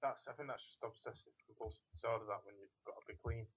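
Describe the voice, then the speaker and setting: A man co-hosting an online talk show, blunt and ready with opinions. His voice sits at a middling pitch. It comes through dull and lo-fi, like compressed internet audio. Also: quick pace, slightly rough. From Britain. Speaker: co-host. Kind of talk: casual chat on an internet radio show.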